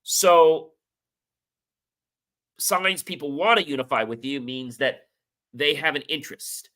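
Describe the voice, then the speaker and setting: Male host, bright forward voice, casual motivational storyteller who voices the dialogue himself. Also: on the high side, slow. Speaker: show host. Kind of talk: motivational talk with personal stories.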